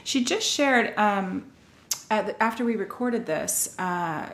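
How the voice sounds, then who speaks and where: A woman's voice: medium pitch, expressive, slow pace, fairly bright tone. A woman hosting a podcast in casual chat, effusive and chatty, often saying "like". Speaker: podcast host.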